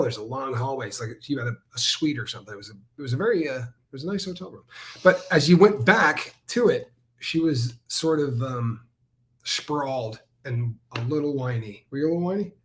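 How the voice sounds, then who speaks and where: A male co-host of a relaxed livestream chat who talks with insistent emphasis. His voice sits at a middle pitch for a man. He slips into quick impressions when he retells what someone said. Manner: animated storyteller, emphatic, mimics others.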